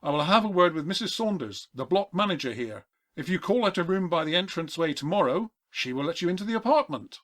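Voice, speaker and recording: A man voicing an eccentric, excitable collector in a comedy audio play, with a polite, formal manner. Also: high voice, fast, few pauses. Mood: prim.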